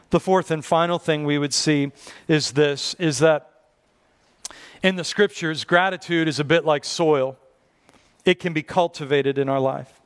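A man's voice: fairly high pitch, normal speed, smooth. A man in his forties, a pastor preaching a sermon in a conversational way with frequent fillers and repetitions.

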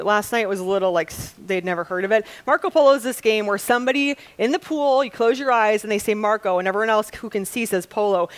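A young woman from Wisconsin reading scripture and preaching a sermon, earnest and storytelling, slowing down to stress key lines. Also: medium pitch. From Wisconsin, USA. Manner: earnest, storytelling, slows for emphasis.

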